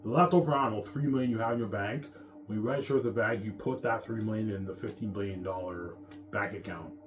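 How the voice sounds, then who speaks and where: A man's voice: fairly low pitch, fast. A man in a rambling, repetitive monologue, boastful and profane, talking straight to his audience. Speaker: vlogger. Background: music.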